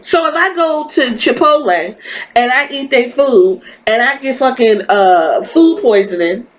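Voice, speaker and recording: A woman with a slightly high voice rants through her podcast commentary. She is blunt, exasperated and freely profane. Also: animated, measured pace, poor audio. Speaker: podcast host. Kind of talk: ranting wrestling commentary.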